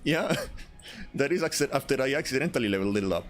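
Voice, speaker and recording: A man's voice: medium pitch, animated, fast, faint music behind. A young man streaming a video game in goofy, rambling casual commentary, often stammering and repeating himself. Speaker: gaming streamer. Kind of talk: casual let's-play commentary.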